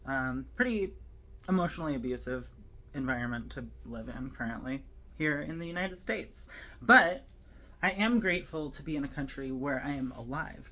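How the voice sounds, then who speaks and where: A woman telling a personal story to camera, emotional and near tears, talking in a halting, rambling way with many fillers and restarts. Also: low-pitched, sharp tone, slight background noise.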